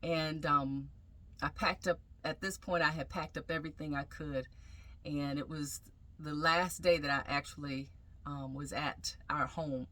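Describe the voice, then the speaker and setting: Bright-voiced woman telling her story. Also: low voice, fairly even intonation. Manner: reflective, halting, with frequent pauses and fillers. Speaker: vlogger sharing a personal testimony. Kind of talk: emotional personal storytelling.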